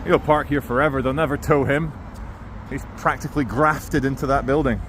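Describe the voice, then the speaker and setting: A man's voice: medium pitch, steady tone, brisk, noisy background. Wry man vlogging on the street. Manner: wry, sarcastic running commentary. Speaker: YouTuber walking a town. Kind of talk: walking vlog commentary. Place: outdoors on town streets. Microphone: handheld camera mic while walking.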